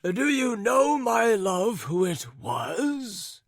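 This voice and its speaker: A man voicing an amused old gentleman who speaks slowly and indulgently to his wife. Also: high voice, sing-song, vocal fry, dry recording, studio quality, voice pushed up, full character voice. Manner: chuckling, slow and indulgent.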